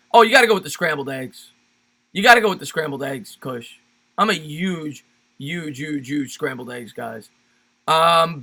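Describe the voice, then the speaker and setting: A man's voice: high voice, bright, forceful tone. A man hosting a casual sports livestream, chatting loosely with viewers and repeating his phrases. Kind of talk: casual live chat reading viewer comments.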